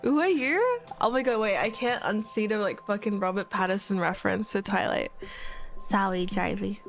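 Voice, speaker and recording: A woman streaming a game live, excitable and swearing, with squealing outbursts. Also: mid-range voice, normal speed, gravelly. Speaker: VTuber streamer. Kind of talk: live gameplay commentary. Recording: game music playing behind.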